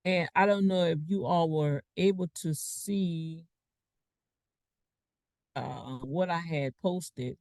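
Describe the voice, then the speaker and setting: A man's voice: fairly high pitch, slow, long pauses, darkish tone, clear, resonant tone, dry recording. A man giving a casual, rambling online talk as a financial coach, preaching with asides while sharing his screen.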